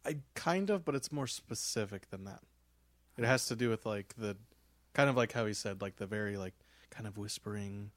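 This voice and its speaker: A man co-hosting a gaming podcast in casual chat, soft-spoken and hesitant, often trailing off. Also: on the low side, normal speed, dry recording. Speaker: podcast co-host.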